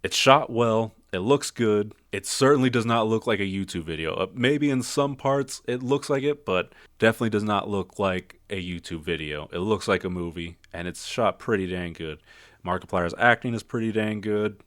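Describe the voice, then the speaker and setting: Lowish voiced guy reviewing a movie, kinda rambly, doubts himself a lot, clean dry audio. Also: moderate pace, fairly bright tone, no echo. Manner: rambling, self-doubting, many fillers. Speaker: film reviewer. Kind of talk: casual spoken review.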